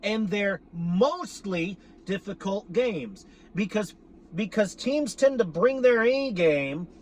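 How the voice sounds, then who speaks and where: A man's voice: sits high, noisy background. A man venting in a profane, exasperated monologue about his team, sarcastic and repeating himself for emphasis. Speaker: sports fan vlogger.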